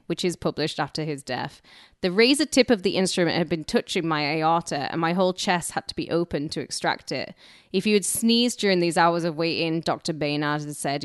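A woman's voice: sits low, no room sound, studio quality. Crude, irreverent woman telling history. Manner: irreverent, crude jokes while narrating; laughs often. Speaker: podcast co-host. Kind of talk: storytelling history podcast.

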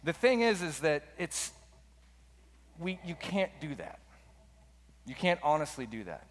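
A man's voice: very animated, measured pace, a little hiss or hum. Man preaching in a reverberant sanctuary. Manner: impassioned preaching with dramatic pitch swings. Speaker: pastor. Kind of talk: sermon. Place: church sanctuary. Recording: long hall reverb.

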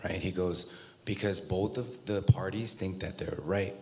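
Deep-voiced man telling his story. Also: steady tone, measured pace, a little mellow. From Southern California. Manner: casual storytelling, acts out quoted voices, laughs often. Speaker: interview guest. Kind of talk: personal testimony in a church interview. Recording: long reverb, faint noise.

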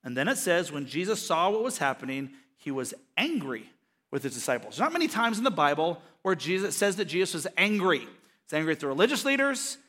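Bright high-voiced pastor preaching in a hall. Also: male voice, very animated, a little fast. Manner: storytelling, jokey, acts out quoted voices. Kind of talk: sermon.

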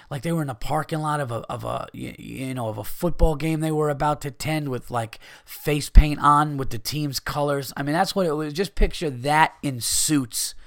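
A man's voice: mid-range voice, no echo. Guy comedian ranting on his podcast, swears a lot, rambly, dry close mic sound. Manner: profane, rambling, animated storytelling. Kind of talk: casual storytelling monologue.

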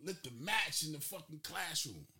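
A man's voice: fairly high pitch, expressive, normal speed, gravelly, pushed and bright, slight background noise. A man in casual chat, telling stories animatedly with slang and swearing, indoors at night. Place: indoors, recorded at night while drinking.

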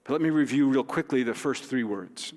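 A man, a pastor, giving a sermon in a gentle, conversational way with light humor. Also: mid-range voice, brisk. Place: church sanctuary. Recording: long hall reverb.

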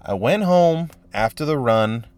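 A man's voice: medium pitch, expressive, a little slow, darkish tone, clear, resonant tone, no room sound, faint music behind. Profane rambling podcast host, man. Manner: profane, rambling, exasperated storytelling. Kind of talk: casual solo podcast rant.

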